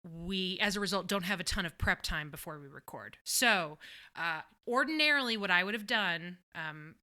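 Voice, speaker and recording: A woman's voice: on the low side, lively intonation, normal speed, bright, forceful tone. A woman co-hosting a podcast, playful and jokey, explaining things with care in casual chat. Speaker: podcast co-host.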